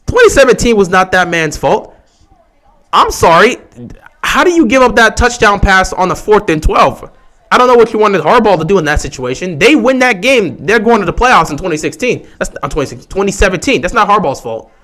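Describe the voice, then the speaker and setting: A man's voice: high voice, very animated, fairly quick, a bit bright. A man hosting a casual sports fan livestream, talking in an opinionated, emphatic way, repeating his points and answering viewers' questions. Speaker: livestream host.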